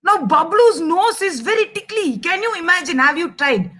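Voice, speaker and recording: A young Indian woman telling a children's story, animated and chatty, speaking straight to the kids listening. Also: very high voice, normal speed. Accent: Indian English. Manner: animated, addresses kids directly.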